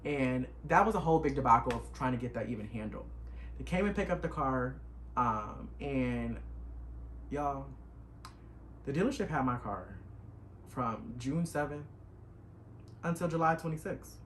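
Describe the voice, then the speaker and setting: Young male vlogger, mid-pitched, animated emotional storyteller, faint noise behind. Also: measured pace, pauses often. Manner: animated, emotional retelling with dialect. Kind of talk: casual storytime.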